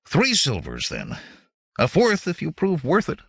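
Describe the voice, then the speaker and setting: A blunt, touchy barbarian warrior barks his demands, as a male narrator voices him. His tone is gravelly and dry, up close with no room around it. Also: a little high, huge pitch swings, unhurried, no room sound, voice pushed up, full character voice. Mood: gruff. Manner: gruff, barking, demanding.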